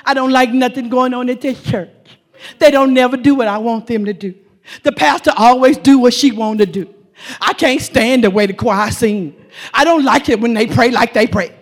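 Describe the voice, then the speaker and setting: A woman's voice: fairly high pitch, normal speed, pitched below the performer's own voice, close to an everyday voice. A woman voicing a complaining churchgoer who finds fault with everything, in a whiny, nagging way. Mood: grumbling.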